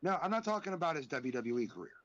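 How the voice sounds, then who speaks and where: A man's voice: on the high side, very animated, racing. A man co-hosting a casual wrestling chat podcast, ranting in a heated, profane way. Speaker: podcast co-host. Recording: dull lo-fi sound.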